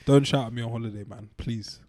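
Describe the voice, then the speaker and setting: A man's voice: mid-range voice, fairly even intonation, fast, a crowd in the background. Laid-back teasing man. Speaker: podcast co-host. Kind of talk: casual chat.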